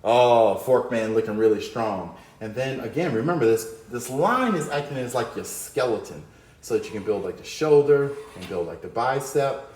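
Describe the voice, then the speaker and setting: A man's voice: mid-range voice, animated, moderate pace, reverberant. A man teaching a cartoon drawing lesson, upbeat and playful as he talks through each stroke. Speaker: art teacher.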